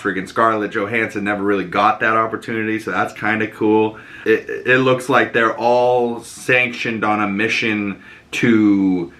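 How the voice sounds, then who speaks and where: A man's voice: on the low side, pushed and bright. A young man hosting a casual home vlog, rambling and chatty with plenty of fillers. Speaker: host.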